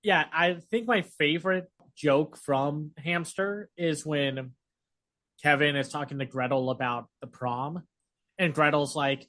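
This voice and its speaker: A chatty male podcast co-host, with a voice a little high for a man, makes casual conversation. He's animated and rambling, packing his talk with fillers and quick asides.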